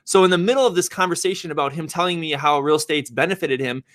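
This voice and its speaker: A man who works as a real estate agent and developer, telling a personal story in an animated, conversational way. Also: a little high, quick pace.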